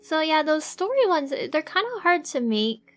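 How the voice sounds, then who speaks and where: A woman streamer chatting casually with viewers while she draws, soft-spoken and halting, with many fillers and little giggles. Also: sits high, sing-song, faint music behind. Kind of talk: casual live-stream chat. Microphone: desk microphone.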